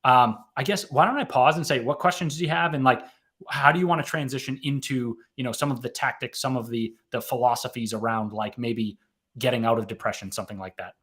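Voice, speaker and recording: This man in his thirties, an author and mental health advocate, tells his story in a casual interview. His medium-pitched voice is brisk and a little bright, and he rambles, corrects himself, and keeps tagging on "right?"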